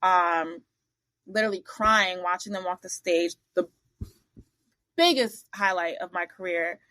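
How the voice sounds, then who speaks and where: Woman podcast guest, animated storyteller who does the voices of people in her anecdotes, blunt, mid-pitched, dry close sound. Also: measured pace, dry recording. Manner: animated, acts out the other people in her stories; blunt, salty asides. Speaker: interview guest. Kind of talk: casual storytelling interview.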